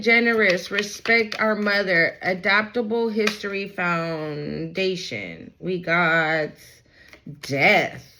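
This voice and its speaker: A woman giving a casual tarot reading to her audience, talking in an animated, chatty way, swearing freely and often checking in with "okay?" and "right?". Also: medium pitch, background noise. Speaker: tarot reader.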